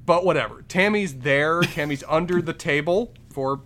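A man's voice: on the high side, moderate pace, a bit bright. A man co-hosting a casual film review podcast, talking in long, detailed run-on points. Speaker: podcast co-host.

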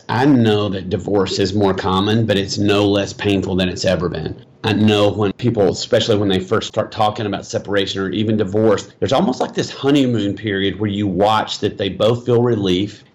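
Man, lower voice, animated, marriage advice interview guest. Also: normal speed, few pauses. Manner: animated storytelling, acts out quotes.

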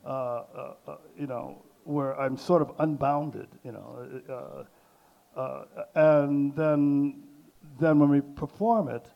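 Gravelly, halting older man on a panel. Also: mid-range voice, fairly even intonation, lo-fi sound. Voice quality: halting, many restarts and fillers. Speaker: artist on a panel. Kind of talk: hesitant panel talk.

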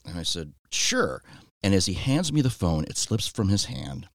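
A man's voice: on the low side, sing-song, normal speed, vocal fry, no echo. A man chatting casually on a podcast, telling family stories with dry, self-deprecating humor and frequent restarts. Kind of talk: casual chat, storytelling.

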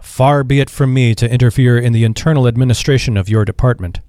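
A man's voice: mid-range voice, fast, mellow, smooth, dry recording, clean studio sound, lightly acted. A man reading aloud and voicing a genial, sly, retired old shipping magnate who drawls his words.

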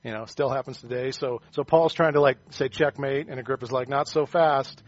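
A man's voice: mid-range voice, a little fast, muffled recording. A man preaching a sermon in a loose, conversational way, joking and acting out the voices of the people he quotes. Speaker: pastor.

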